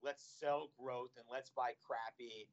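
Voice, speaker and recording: A man who manages investments, talking about markets in an animated, exasperated way. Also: medium pitch, takes it slowly, highs cut off. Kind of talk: casual finance chat.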